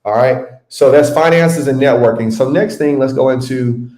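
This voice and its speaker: A man with a medium-pitched, darkish voice talks at a moderate pace while hosting a live webinar from a room in his home. He is a chatty webinar host and adjusting mentor who teaches casually on a live stream, calling viewers by name and saying "y'all." The audio sounds roomy, as live-stream sound often does.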